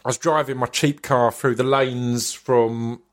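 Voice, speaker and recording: A man's voice: medium pitch, fairly even intonation, a little slow. A man, hosting a podcast and telling a story in casual, sweary chat with stammered restarts. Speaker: podcast host.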